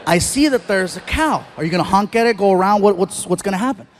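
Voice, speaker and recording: A man doing a stand-up comedy routine on stage, telling stories in an animated way with loud bursts. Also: sits high, fast, a little hiss or hum. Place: stage before a live audience.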